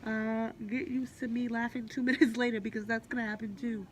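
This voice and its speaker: A woman's voice: on the high side, little pitch movement, fairly quick. A woman in her late twenties vlogging candidly and bluntly from a hospital room, swearing freely. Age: 20s. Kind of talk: personal hospital vlog. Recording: faint hospital background noise.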